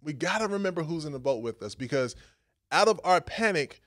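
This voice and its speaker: Animated young man preaching. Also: fairly high pitch, fairly quick, no room sound, clean studio sound. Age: young adult. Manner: animated, conversational, with casual fillers. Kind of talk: sermon.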